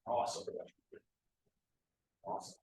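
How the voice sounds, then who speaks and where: A man coaching a martial arts seminar, giving quick praise and short corrections to students. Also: a little mellow, slight background noise. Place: martial arts school, indoors. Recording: echoey training hall.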